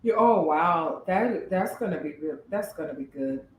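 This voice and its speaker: A woman who works as a therapist, co-hosting a casual podcast, talking in an animated and thoughtful way and sometimes searching for her words. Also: sits low, normal speed, a little hiss or hum. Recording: roomy echo.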